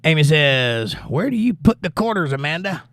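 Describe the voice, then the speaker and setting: A man's voice: a little high, sing-song, moderate pace, a bit bright, dry recording. A male livestream host and musician, reading out viewer comments and answering them in a casual, laid-back way.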